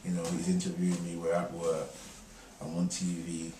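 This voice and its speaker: Middle aged guy joking around in an interview, lowish voice, roomy echo, sounds a bit far off. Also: monotone, normal speed, dark tone, slight background noise. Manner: laughing, joking, rambling storyteller. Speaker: interview guest. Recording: echoey room, mic far off, faint ambience.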